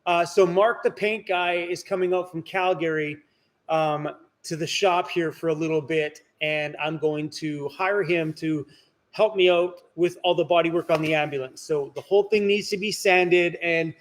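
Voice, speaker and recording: A man's voice: a little high, steady tone, normal speed. A man hosting a casual live stream from inside his workshop, chatting and answering viewer comments. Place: indoor workshop.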